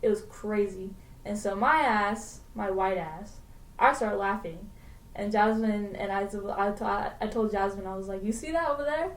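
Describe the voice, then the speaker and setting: A young woman co-hosting a casual podcast, speaking in loose slang and swearing freely. She sits back from the mic, and her mid-pitched voice rings in a roomy, echoey space. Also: steady tone, a little slow, recorded from a distance. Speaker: podcast co-host. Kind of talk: casual storytelling chat. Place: home podcast room.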